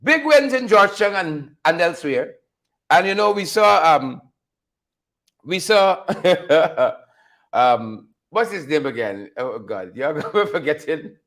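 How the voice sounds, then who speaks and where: A man's voice: on the high side, sing-song, slow, fairly bright tone. A man hosting an unscripted political commentary show, mocking his subjects, laughing often and repeating phrases for effect. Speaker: show host.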